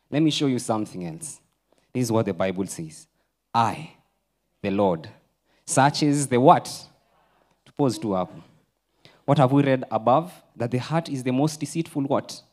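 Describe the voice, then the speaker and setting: A Kenyan man preaching a sermon in a church, mixing English and Swahili, swinging from loud urging to a near-whisper. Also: medium pitch. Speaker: pastor.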